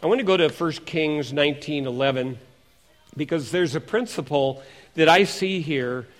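A male pastor preaching a sermon in a lively way, asking his congregation questions. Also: on the high side, normal speed. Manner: animated, asks the congregation questions.

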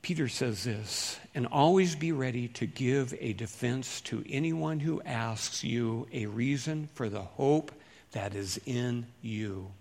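A middle-aged man preaching a sermon as pastor, in a folksy, conversational way that swings between loud emphasis and quiet asides. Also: medium pitch, slow, vocal fry.

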